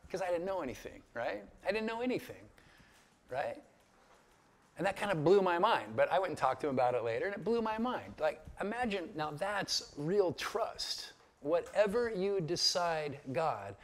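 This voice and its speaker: Male pastor, slightly high voice, casual teaching style, chatty, keeps asking "right?". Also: normal speed. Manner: conversational, animated storytelling with frequent "right?". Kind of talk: casual Bible study teaching.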